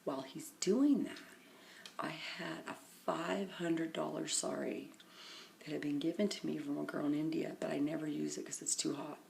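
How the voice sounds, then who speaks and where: A middle-aged woman with a low, gravelly voice recounts her day in a loose, rambling way, worn out and often sinking to a near whisper. It is recorded on a phone, with faint noise behind her. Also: fairly even intonation, normal speed. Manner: often drops to a hushed half-whisper. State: tired. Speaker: vlogger. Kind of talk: casual rambling storytelling. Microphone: phone camera.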